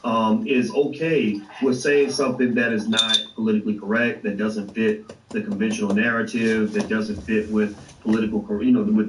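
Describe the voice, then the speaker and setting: A man with a low voice hosts a casual livestream, talking in an animated, profane way and padding his speech with fillers. The room is echoey and he sits well back from the mic. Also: recorded from a distance, a little hiss or hum. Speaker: host of an online show.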